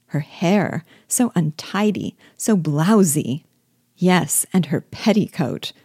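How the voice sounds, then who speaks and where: A woman's voice: on the low side, expressive, darkish tone, slightly rough, dry recording, studio quality, full character voice. Woman doing snobbish Miss Bingley. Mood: scornful. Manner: mocking, scornful, drawn-out emphasis. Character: sneering snobbish young lady, Miss Bingley.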